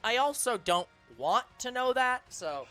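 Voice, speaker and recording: A man's voice: very high-pitched, animated, a little slow, pushed and bright, faint music behind. A man co-hosting a gaming live stream, chatting casually and making dry, matter-of-fact remarks. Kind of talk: casual chat while gaming.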